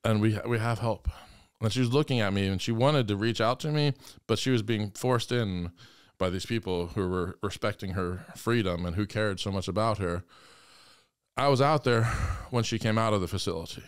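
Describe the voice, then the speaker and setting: A man's voice: on the low side, moderate pace, clear, resonant tone, no echo, studio quality. A man, a priest, talking earnestly and with passion in an interview. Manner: earnest, impassioned storytelling. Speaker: guest priest. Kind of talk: conversational interview.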